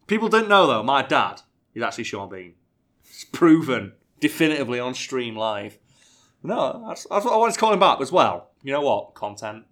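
A man's voice: mid-range voice, sing-song, normal speed, a bit bright. A young man hosting a podcast, laid-back and joking, and he swears freely. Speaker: podcast host and streamer. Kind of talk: casual podcast chat.

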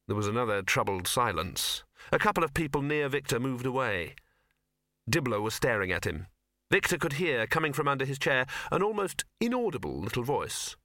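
Bright-voiced male audiobook narrator. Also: mid-range voice, very animated, fairly quick, no echo, studio quality. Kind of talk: scripted narration.

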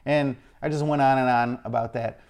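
A man's voice: medium pitch, normal speed. Man telling an exasperated story. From Illinois, USA. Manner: animated, exasperated retelling. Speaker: speaker. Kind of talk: personal storytelling.

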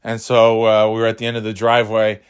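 A middle-aged man tells a story in a loose, rambling way, full of fillers, restarts and self-deprecating asides. His voice sits on the low side. The recording is dry and close, with no room sound. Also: completely flat delivery, quick pace, smooth, dry recording. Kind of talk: casual storytelling.

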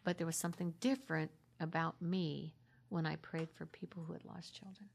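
Earnest woman with a gravelly edge. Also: deep voice, steady tone, a little fast. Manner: earnest, sinks into a soft half-whisper at tender points. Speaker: minister sharing her story. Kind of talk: heartfelt conversational testimony.

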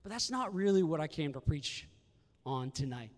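A man's voice: a little high, normal speed. A man preaching a sermon, asking the room questions and acting out the lines of the people in the story. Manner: animated, rhetorical questions, acts out the brothers' lines. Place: church sanctuary. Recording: reverberant church hall.

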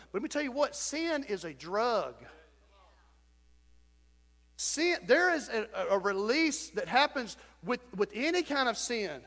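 A man preaching a sermon as pastor in a church, folksy and animated, with sudden loud shouts. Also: high-pitched, unhurried. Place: church sanctuary. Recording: church sanctuary with long reverb.

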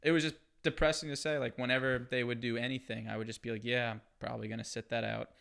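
Quick, smooth-voiced young man. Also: medium pitch, flat delivery, fairly bright tone. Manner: wry, self-deprecating storyteller. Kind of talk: casual chat.

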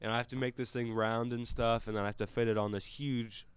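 A man's voice: medium pitch, flat delivery, fast talker, clear, resonant tone, no echo. A teenage boy co-hosting a school podcast, telling a story about his work shifts in a classroom studio. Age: teens. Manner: storytelling, laughing, shouts order calls in bursts. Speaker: podcast co-host. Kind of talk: casual chat. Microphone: studio mic.

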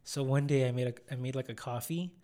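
A man's voice: medium pitch, steady tone, fairly quick, mellow. A young man, hosting a podcast, chatting casually and acting out the voices in his stories. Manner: rambling storyteller, acts out quotes. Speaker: podcast host. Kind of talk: casual chat.

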